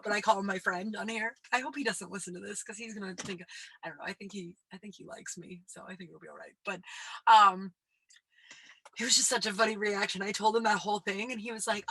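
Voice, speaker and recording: Woman, 30s, podcast host, deep voice, rambling, sweary, drops to whispers, dry close mic. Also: fast, sharp tone, dry recording, poor audio. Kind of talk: casual solo podcast chat.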